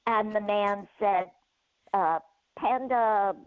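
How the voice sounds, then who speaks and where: An older woman with a youthful, almost cartoonish voice tells a long story over the phone. She talks slowly with a lively, singsong pitch. The sound is thin and phone-like. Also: no echo. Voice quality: youthful, childlike voice. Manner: storytelling, acting out both sides of the talk. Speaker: show regular, host's mother. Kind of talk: casual phone chat. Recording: tinny phone line.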